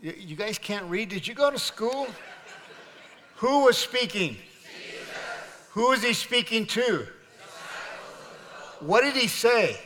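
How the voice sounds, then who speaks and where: A man preaches to his congregation in a bright, forceful voice sitting a touch above the usual male pitch. He pushes his questions out loud and high, then sinks to near quiet on the lines that carry weight. The recording rings with the long reverb of a large church sanctuary. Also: very animated, takes it slowly, pauses often. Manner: preaching with call-and-response to the congregation. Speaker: pastor. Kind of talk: sermon.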